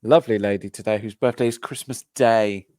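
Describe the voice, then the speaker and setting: A man's voice: lowish voice, a little fast, dry recording. Guy hosting a podcast, sore throat, laid back and rambly, dry close sound. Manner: rambling, relaxed, filler-heavy. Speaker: podcast host. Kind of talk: casual chat.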